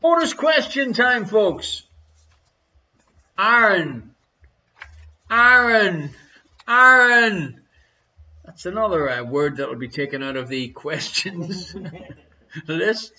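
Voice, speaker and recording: Male quiz host, high-voiced, unhurried, jokey with a chuckle; slightly muffled audio. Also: big pitch swings, sharp tone. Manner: jokey, chuckles between questions. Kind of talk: live-streamed quiz chat.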